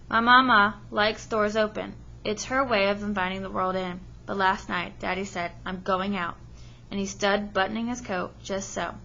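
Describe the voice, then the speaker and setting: A woman's voice: mid-range voice, creaky, pushed and bright, lo-fi sound, a little hiss or hum. A woman teacher reading a story aloud with expression and stopping to ask her listeners questions. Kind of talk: read-aloud lesson with comprehension questions.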